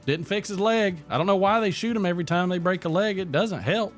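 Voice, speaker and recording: A man hosting a comic livestream chat, joking along with a playful, deadpan way of telling tall tales. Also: high-pitched, brisk, faint music behind. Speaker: host.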